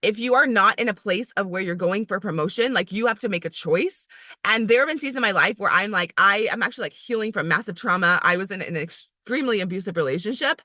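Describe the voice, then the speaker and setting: A woman who is an area manager, giving a chatty, emphatic motivational talk to her team, full of "like", and acting out inner voices in a higher pitch. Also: sharp tone, no echo, studio quality.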